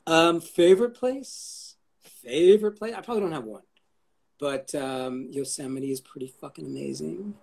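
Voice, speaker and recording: A man's voice: on the high side, moderate pace, gravelly, a little mellow. A man chatting as an interview guest, rambling, swearing casually and cracking jokes. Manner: rambling, profane and jokey.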